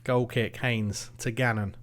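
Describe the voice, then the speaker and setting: A man commentating his own football management game, swinging between nervous muttering and excited shouting. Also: medium pitch, measured pace. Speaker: gaming YouTuber.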